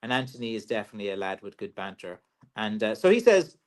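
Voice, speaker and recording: A man's voice: on the low side, sing-song, fast, a bit bright. A man with an Irish accent, a walking stick maker hosting a casual livestream Q&A, chatty and joking with many fillers.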